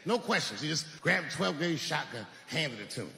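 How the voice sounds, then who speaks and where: A man's voice: a little high, expressive, brisk, creaky, pushed and bright, husky. A man doing stand-up comedy who tells stories conversationally and acts out the other people in them. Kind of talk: stand-up storytelling. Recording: roomy venue with long reverb and noise.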